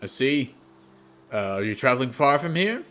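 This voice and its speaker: A man's voice: medium pitch, very animated, normal speed, a bit bright, a little hiss or hum, voice pushed up. A man voicing a friendly male storyteller at a camp who greets travelers heartily. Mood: hearty. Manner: hearty, welcoming, inquisitive.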